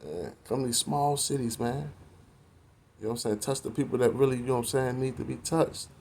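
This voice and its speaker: Brisk, medium-pitched and darkish with a breathy edge, this forties-aged man rants at the camera in a profane, preachy, confrontational way. His talk is full of slang and swearing.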